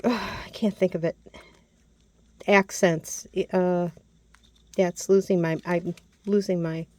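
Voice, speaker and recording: A woman's voice: lowish voice, dark tone. A woman casually narrating a show-and-tell of her handmade craft project, often losing a word and correcting herself. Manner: chatty, loses words and corrects herself. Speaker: crafter showing a handmade mini album.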